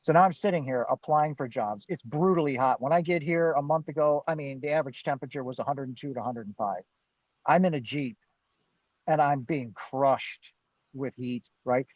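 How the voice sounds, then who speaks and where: With no echo, a man speaks at normal speed in a mid-range voice. He's a guest on a live Q&A sharing a personal story with energy, playing out his lines and others' and laughing from time to time; the stream audio is dull, dry and lo-fi.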